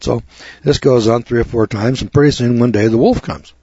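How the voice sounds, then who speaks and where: A man's voice: mid-range voice, brisk, dark tone, husky, no room sound. A man hosting a radio talk show, delivering a rambling, preachy monologue that builds to emphatic lecturing. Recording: dull lo-fi dry radio audio.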